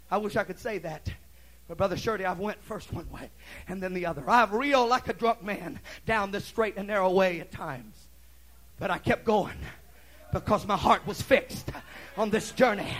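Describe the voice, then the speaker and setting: A middle-aged preacher with a very high, bright voice, delivering a fervent sermon. He is folksy and talky, crying out praise and then dropping to near-quiet asides. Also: moderate pace, low-quality recording. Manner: impassioned preaching, swinging loud and soft; folksy, repeats "Hallelujah" and "Praise God". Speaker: pastor.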